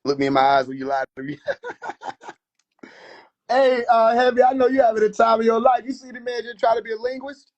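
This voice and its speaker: Man, high-pitched voice, livestream host, casual mocking rant, boisterous. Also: fairly quick, long pauses, lo-fi sound. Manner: boisterous and mocking, laughs often.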